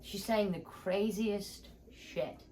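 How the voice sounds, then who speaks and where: A woman comedian telling a story in a podcast chat, animated, acting out each exchange as she goes. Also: medium pitch, slow, slight background noise. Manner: animated, acts out every exchange with "I'm like".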